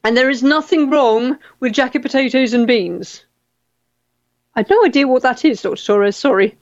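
A woman's voice: high-pitched, normal speed, dry recording, muffled recording. A middle-aged English woman hosting a casual chat, reading out viewer comments and often repeating her words. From England.

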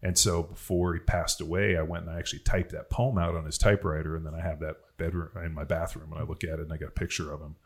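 Very deep and slightly rough, his voice stays flat while he talks at a quick pace with hardly any pauses. A podcast host, he rambles through personal stories in casual conversation, swearing freely and padding his speech with "like" and "you know."

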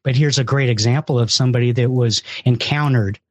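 Energetic male host exhorting listeners. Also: medium pitch, brisk, no room sound. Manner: emphatic, repeats words, exhorts listeners. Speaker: event organizer and host. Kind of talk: enthusiastic live show talk.

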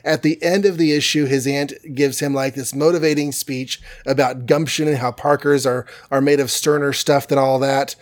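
A man's voice: medium pitch, steady tone, normal speed, hardly any pauses. A man hosting a podcast, recapping a comic in a rambling, jokey way. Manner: rambling, jokey, many fillers. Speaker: podcast host. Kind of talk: casual comic book recap.

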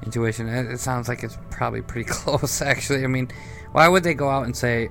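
A man's voice: medium pitch, brisk, creaky, fairly bright tone, faint music behind. A man co-hosting a gaming podcast, musing and speculating in casual chat. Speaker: podcast co-host.

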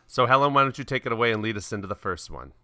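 Very low-voiced bright woman. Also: animated, racing, no echo. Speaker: podcast co-host. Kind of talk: casual chat.

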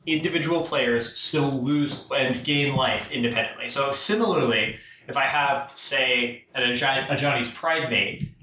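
A man's voice: medium pitch, bright, forceful tone, slight background noise. A man on a podcast explaining game rules in a methodical, careful way. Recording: roomy, distant, muffled mic.

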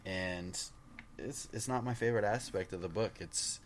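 A man's voice: sits low, normal speed. A man co-hosting a comic book podcast, talking casually and hesitantly with frequent restarts. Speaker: podcast co-host.

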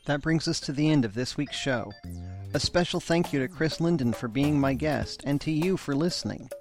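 A man's voice: on the high side, normal speed, music in the background. A man hosting a podcast, reading an upbeat scripted outro with plugs and contact details. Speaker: podcast host.

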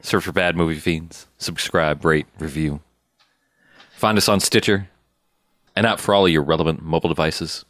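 A man co-hosting a podcast, reading the show's contact details in an over-the-top pitchman delivery. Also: steady tone, moderate pace, a bit bright, no echo. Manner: mock-grandiose pitchman delivery for plugs. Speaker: podcast co-host. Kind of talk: casual chat.

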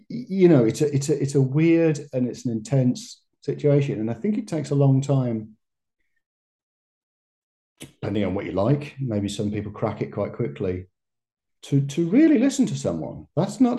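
A man with a mellow, warm voice speaks as an interview guest. He talks in a reflective, conversational way, circling back and restarting his phrases and laughing lightly between thoughts. His voice sits at a middling pitch. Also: very animated, normal speed. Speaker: guest, massage therapist and educator.

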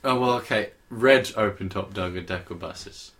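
A man's voice: lowish voice, moderate pace, fairly bright tone. A man chatting casually as a podcast co-host, dry and sardonic. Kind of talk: casual chat.

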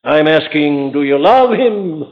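A man delivers a sermon from the pulpit with earnest emphasis and searching rhetorical questions. His voice sits fairly high for a man. The audio comes from a thin, tinny archive recording. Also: animated, unhurried. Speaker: preacher.

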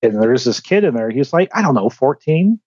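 A man's voice: mid-range voice, a little fast, slightly rough, no room sound, muffled recording. A man guest on a podcast, telling stories casually, acting out quotes and swearing as he goes. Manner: animated storyteller, acts out quotes, swears. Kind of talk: casual storytelling chat.

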